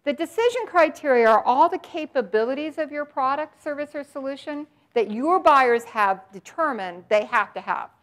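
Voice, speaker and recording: Animated woman giving a marketing talk. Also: sits high, moderate pace, few pauses. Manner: animated and emphatic, addresses listeners directly. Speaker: marketing presenter. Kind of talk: business presentation to an audience.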